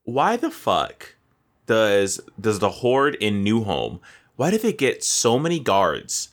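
A man's voice: on the low side, slow pace. A man co-hosting a casual gaming chat, ranting with lots of profanity. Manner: profane, ranting, animated complaints. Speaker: podcast co-host.

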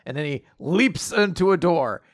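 A man's voice: fairly high pitch, lively intonation, moderate pace, no room sound, studio quality. A man co-hosting a casual show who recaps comic chapters in a loose way and laughs easily. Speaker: podcast co-host.

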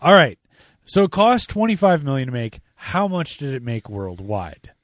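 A man hosting a casual movie podcast, jokey and animated as he quizzes his co-hosts. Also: mid-range voice, normal speed, no room sound, studio quality. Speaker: podcast host.

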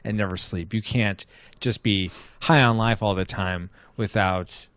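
A man's voice: lowish voice, fairly even intonation, measured pace, a bit bright, no echo, clean studio sound. A man co-hosting a casual podcast, joking around and rambling with filler words. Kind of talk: casual chat.

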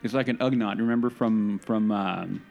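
A man's voice: lowish voice, steady tone, normal speed, gravelly, darkish tone, faint music behind. A man co-hosting a podcast, telling a long, enthusiastic, rambling story in casual chat. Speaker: podcast co-host.

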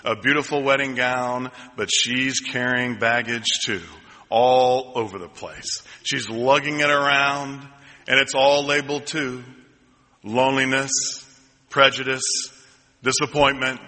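A man preaching a sermon as pastor, telling a story slowly and building to ringing, repeated lines. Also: mid-range voice, fairly even intonation, pushed and bright. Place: church sanctuary. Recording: long hall reverb.

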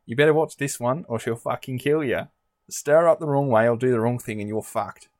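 A man putting on a blunt, weary Australian fellow, drawling a crude warning with casual swearing. The voice sits at an ordinary middle pitch. It is recorded close and dry. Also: a little fast, no room sound, natural voice. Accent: put-on Australian.

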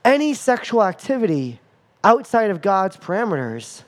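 A man preaching a sermon as pastor, animated, acting out scenes with playful asides. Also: sits high, moderate pace.

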